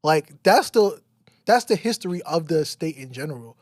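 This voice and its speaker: A man's voice: fairly high pitch, lively intonation, moderate pace, darkish tone, no room sound, clean studio sound. A young man co-hosting a podcast in casual chat, blunt and exasperated, swearing freely. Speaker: podcast co-host.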